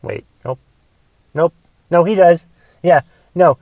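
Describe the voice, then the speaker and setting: A man's voice: a little high, slow pace, no room sound. Profane ranting man. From United States. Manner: profane, swings between shouting rants and mumbled asides. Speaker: podcast host and stand-up comedian. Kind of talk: comedic solo podcast rant.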